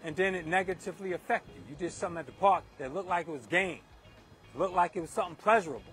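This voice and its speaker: High-voiced man preaching outdoors. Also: quick pace, fairly bright tone, soft background music. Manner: emphatic and repetitive, driving points home. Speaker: speaker giving a moral talk. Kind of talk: off-the-cuff preaching monologue. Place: outdoors in a windy park.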